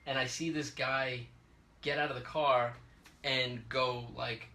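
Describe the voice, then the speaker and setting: Animated New man telling a story. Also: mid-range voice, takes it slowly, far from the mic. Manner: animated, acts out quoted voices. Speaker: podcast host. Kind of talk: casual storytelling chat. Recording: echoey room, away from the mic.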